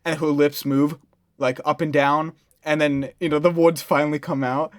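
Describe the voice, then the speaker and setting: A man's voice: fairly high pitch, flat delivery, no echo, studio quality. A young man co-hosting a movie review show, chatting casually and laughing often as he talks. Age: young adult. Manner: laughs often, halting restarts. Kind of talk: casual chat.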